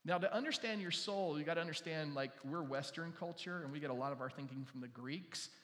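A man preaching in a relaxed, talky way, forever turning questions back on his listeners. His voice sits a little higher than most men's. A long reverb trails behind him as he speaks. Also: a little fast. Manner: conversational, asks the audience many questions. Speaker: pastor. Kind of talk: sermon.

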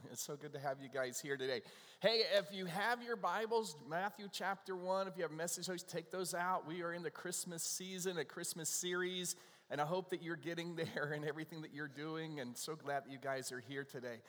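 Casual pastor preaching in a reverberant hall. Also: male voice, on the high side, brisk, fairly bright tone. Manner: conversational, self-deprecating joke telling. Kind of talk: sermon.

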